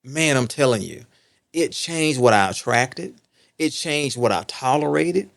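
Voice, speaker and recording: This middle-aged podcast guest from Texas has a gravelly, fairly bright mid-range voice and speaks animatedly but a bit slowly. In casual conversation he tells earnest personal stories, repeating key points and checking in with "right?".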